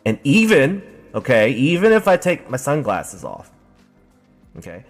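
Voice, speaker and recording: A man's voice: mid-range voice, huge pitch swings, measured pace, faint music behind. A man streaming a video game live, reading chat aloud and giggling as he plays. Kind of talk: casual gaming livestream chat.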